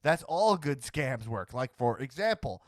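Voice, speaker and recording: A man's voice: medium pitch, very animated, measured pace, no room sound, studio quality. A man hosting a casual talk show, rambling with lots of restarts and stammered repeats, and acting out other people's voices in the middle of his sentences. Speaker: podcast host. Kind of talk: casual chat.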